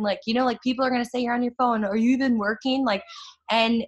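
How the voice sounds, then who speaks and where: Young woman hyping up her followers, kinda high voice, super chatty and excited, says like a lot. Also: quick pace, dull audio. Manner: excitable, chatty, full of fillers and laughter. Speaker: network marketer sharing her success story. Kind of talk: casual motivational talk to followers.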